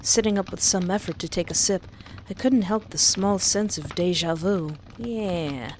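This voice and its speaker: Woman telling a story in first person, super slow and careful, bit of hiss. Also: on the low side, a little mellow. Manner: slow, measured reading with hesitant pauses.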